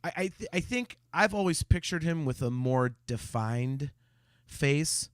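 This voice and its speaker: In this clean, dry studio recording, a man with a fairly high voice speaks at a measured pace in an animated way. As co-host of a casual fan podcast, he chats hesitantly, restarting sentences with a stammer and reading viewer comments aloud.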